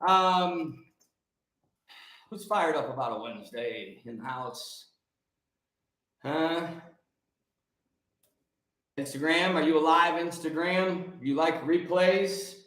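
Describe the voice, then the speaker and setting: A man hosting a live stream like a fervent sermon, shouting and firing rhetorical questions at his viewers. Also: on the high side, takes it slowly, long pauses, reverberant, rough recording. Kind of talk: fiery preacher-style live stream.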